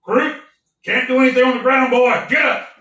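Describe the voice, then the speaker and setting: A man voicing a gruff older male army sergeant who barks orders at recruits, with a Southern accent. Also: very high-pitched, normal speed, bright, forceful tone, echoey room, recorded from a distance, voice pushed up. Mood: barking. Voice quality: barking, drawling, commanding.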